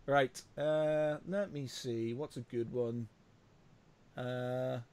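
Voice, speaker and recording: A man's voice: mid-range voice, fairly even intonation, very slow, a little mellow, clean tone. A man co-hosting a podcast in casual chat, playful and laughing, often tripping over his words. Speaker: podcast co-host.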